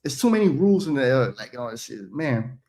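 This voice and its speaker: A man's voice: medium pitch, big pitch swings, a little fast, darkish tone. A man in his thirties from the Netherlands, a rapper chatting casually as a guest, telling stories in a loose, rambling way and laughing easily. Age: 30s. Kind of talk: casual chat on a stream.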